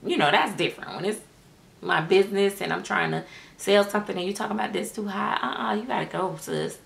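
Talking straight to her viewers as y'all, a middle-aged woman from the United States who makes dolls chats sassily about them to camera. She has a fairly low, creaky voice with a fairly bright tone.

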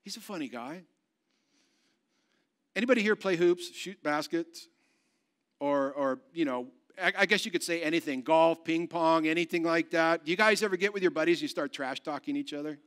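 A man pastor preaching a sermon, going from loud proclamation to soft, hushed storytelling. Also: a little high, moderate pace. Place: church.

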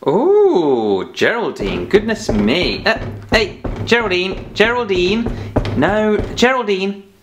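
A man's voice: high-pitched, big pitch swings, slow pace, background noise. A man presenting a children's phonics lesson, scolding a puppet playfully with a sing-song delivery.

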